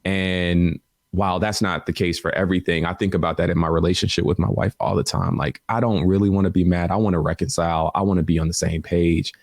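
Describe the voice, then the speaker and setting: Deep-voiced man telling a personal story. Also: fairly even intonation, fast talker, gravelly, darkish tone, no room sound. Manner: emotional, repeats "man" and "like". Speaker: podcast guest.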